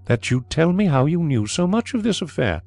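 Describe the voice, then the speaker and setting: A man voicing a brisk, blustery, skeptical gentleman investigator in an audiobook. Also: fairly high pitch, very animated, creaky, no room sound, soft background music, pitched above the performer's own voice, full character voice. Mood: insistent.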